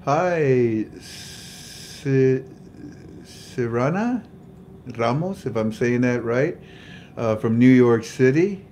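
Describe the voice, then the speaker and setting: An older man leads a faith-based livestream in a jovial, chatty manner, naming viewers, laughing at his own jokes and guiding a prayer. His warm, medium-pitched voice has lively intonation but moves very slowly. There's a little hiss or hum.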